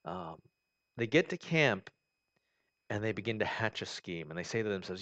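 A man's voice: fairly low pitch, sing-song, normal speed, long pauses, fairly bright tone, muffled recording. A man preaching a sermon in a conversational way, acting out the voices of the people in the story. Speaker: pastor.

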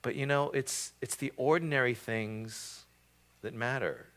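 A man's voice: medium pitch, a little slow, a bit bright. A man preaching a casual sermon, with frequent fillers and repeated words. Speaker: pastor. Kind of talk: conversational sermon.

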